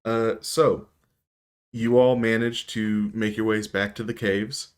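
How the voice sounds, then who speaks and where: A man narrating as game master of a tabletop game, in a calm, measured way. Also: lowish voice, clear, resonant tone.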